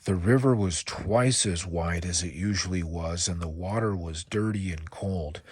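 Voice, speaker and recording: Low-voiced man reading a storybook. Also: breathy edge, dry recording. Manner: calm, measured storytelling. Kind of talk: reading a children's book aloud.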